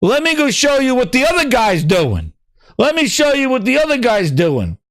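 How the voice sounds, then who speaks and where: A man hosting a gaming show, ranting with constant swearing and excited repetition. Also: very high-pitched, normal speed, no room sound, studio quality. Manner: excitable, swears heavily, repeats himself. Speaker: podcast host. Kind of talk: profane ranting gaming commentary.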